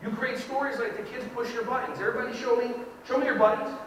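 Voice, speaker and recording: A man giving a lively educational keynote to an audience, with a playful, animated delivery that acts out kids and parents. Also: extremely high pitch, quick pace, slight background noise. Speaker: keynote speaker. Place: large hall with audience. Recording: echoey hall recorded from far off.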